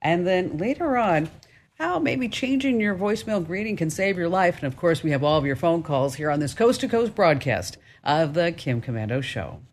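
A woman's voice: on the low side, animated, normal speed. A woman hosting a call-in radio show, chatty and joking about herself with callers.

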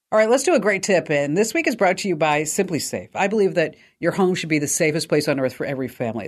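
A woman hosting a tech call-in radio show, talking in an upbeat, chatty way and reading ads. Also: deep voice.

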